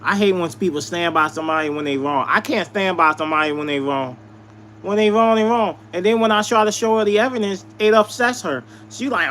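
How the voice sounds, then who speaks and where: A man with a high-pitched voice recounts a personal dispute to his live stream viewers, repeating each point for emphasis. A faint hum runs underneath his talk. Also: fairly quick, fairly bright tone. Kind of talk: venting storytelling to viewers.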